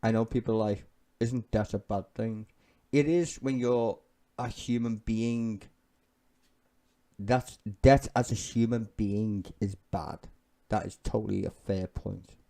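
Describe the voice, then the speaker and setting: A man rants through profane political commentary on a live stream, blunt and sardonic. His voice sits low with a gravelly fry and a dark, mellow tone. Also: steady tone, measured pace. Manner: sweary, ranting and sardonic.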